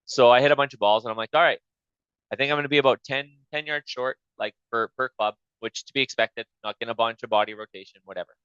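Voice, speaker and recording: Bright, clear-voiced swearing storyteller man. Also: mid-range voice, fast talker, dry recording, dull audio. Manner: profane, animated retelling with quoted back-and-forth. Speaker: podcast host. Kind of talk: casual storytelling chat.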